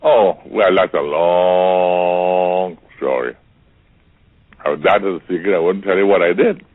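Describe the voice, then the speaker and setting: A man's voice: low-pitched, slow, no room sound. An older man from Trinidad, a guest telling stories in a theatrical way, repeating words and acting out the voices of people he quotes. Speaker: interview guest. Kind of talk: storytelling conversation. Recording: tinny phone-like line, dry.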